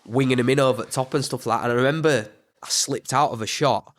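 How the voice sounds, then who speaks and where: A young man with a Yorkshire accent, a boxer chatting in an interview, halting and repeating his words. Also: mid-range voice. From England. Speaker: boxer guest. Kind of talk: casual interview chat.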